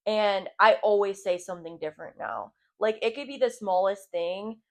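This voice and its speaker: A woman's voice: medium pitch, moderate pace. A young woman hosting a solo podcast, talking candidly and casually, swearing freely and saying "like" a lot. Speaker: podcast host.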